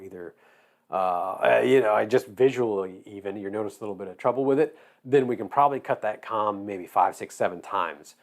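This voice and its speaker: A man from Georgia with a Southern accent, his voice going hoarse, chatting casually and rambling while he builds a model. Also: on the low side. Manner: relaxed, rambling, drawling. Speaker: hobby shop owner.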